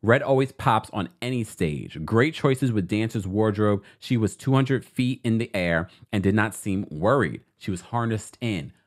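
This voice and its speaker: Animated male entertainment commentator. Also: fairly low pitch, unhurried, hardly any pauses. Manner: animated, reads out posts and comments on them. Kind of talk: casual commentary with a sponsor read.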